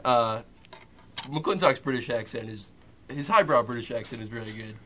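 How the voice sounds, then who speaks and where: A man's voice: mid-range voice, moderate pace, sharp tone, slight background noise. A young man co-hosting a radio show in casual banter, joking and eager, laughing often.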